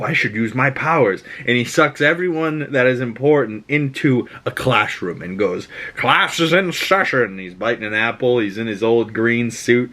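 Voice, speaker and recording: A man hosting a casual reaction podcast, recapping a cartoon episode in an excitable, swearing way. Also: medium pitch. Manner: excitable, profane, laughs and shouts at scenes. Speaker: podcast host.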